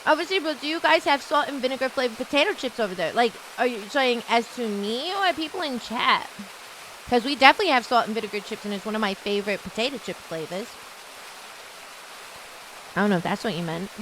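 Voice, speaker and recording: A woman's voice: on the high side, brisk, fairly bright tone, a little hiss or hum. A woman streaming a charity event, chatting casually with her audience, rambling and emotional, close to tears. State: near tears. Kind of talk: casual chat.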